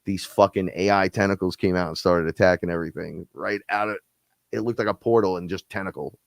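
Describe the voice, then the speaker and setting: A man hosting a casual spiritual talk show, telling stories in a rambling, profane, animated way. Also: sits low, a little fast, gravelly, dry recording. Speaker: host.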